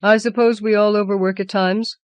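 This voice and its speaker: A woman's voice: medium pitch, little pitch movement, a little fast, a little mellow, clean tone, no room sound, close to an everyday voice. A woman reading the lines of a weary, evasive middle-aged husband in an audiobook, hesitant and pleading.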